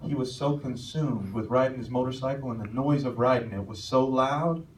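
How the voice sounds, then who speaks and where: A young man preaching a sermon as pastor, telling a story and rising to shouted calls at its peaks. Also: mid-range voice, moderate pace, recorded from a distance, slight background noise. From American. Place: church sanctuary. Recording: echoey church hall, mic from afar.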